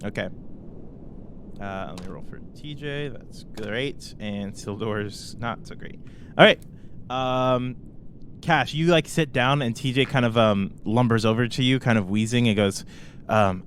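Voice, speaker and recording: A man's voice: medium pitch, unhurried. Hesitant man running a tabletop game. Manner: loose and hesitant, many ums. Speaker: game master. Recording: faint background noise.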